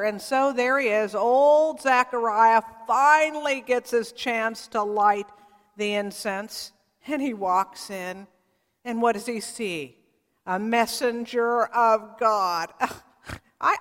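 A woman preaching a storytelling sermon, lively and chatty, talking straight to her congregation. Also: fairly high pitch, in a large hall. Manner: lively, acts out characters, talks to the congregation.

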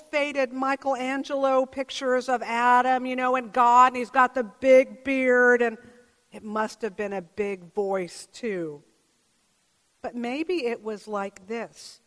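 A woman pastor delivers a measured, reflective sermon, posing questions to her congregation. Her voice sits a little high and her pace is unhurried. The church around her adds a long, lingering reverb. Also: fairly bright tone. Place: church sanctuary.

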